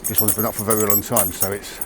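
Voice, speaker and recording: Speaking very fast in a lowish, level voice over a noisy background, a martial arts channel host explains his training. He's outdoors near a tree, demonstrating to camera in a casual, candid, matter-of-fact manner.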